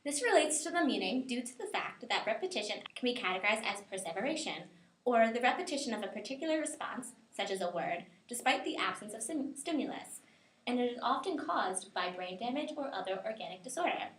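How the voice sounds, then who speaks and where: A woman's voice: on the high side, expressive, brisk, a little hiss or hum. A woman presenting a student analysis, reading it aloud earnestly and stumbling a little over longer words. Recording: roomy echo.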